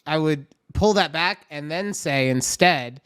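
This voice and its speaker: A man's voice: fairly high pitch, a little slow, a bit bright, clear, resonant tone. A man co-hosting a podcast in casual chat, reacting with jokes, swearing and acting out exaggerated quotes. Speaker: podcast co-host.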